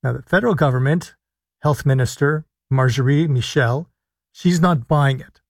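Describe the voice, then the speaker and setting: A man hosting a live call-in radio show as a physician, explaining health policy in a measured way and stressing key words with deliberate pauses. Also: medium pitch, slightly rough, dry recording. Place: radio studio. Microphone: studio microphone.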